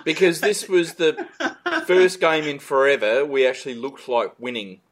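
A man's voice: fairly even intonation, moderate pace. An Australian man hosting a casual fan podcast, reading listener questions, passionate and prone to swearing. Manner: passionate, swearing, trailing off low.

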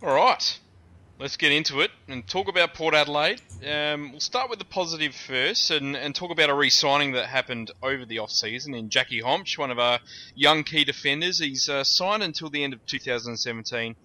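A male podcast host with a very bright, sharp tone and a slightly high voice. He sounds upbeat as he leads the conversation to the next topic. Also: brisk. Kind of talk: podcast hosting.

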